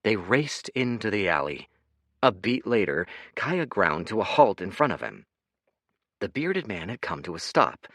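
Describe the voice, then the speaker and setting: A man narrating an audiobook in an expressive, dramatic reading. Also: fairly low pitch, measured pace, dry recording.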